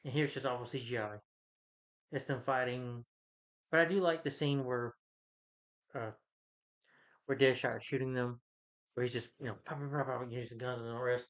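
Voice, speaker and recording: A man's voice: medium pitch, steady tone, moderate pace, long pauses, fairly bright tone, dull audio. A man giving a casual, opinionated movie review, rambling with many restarts and fillers.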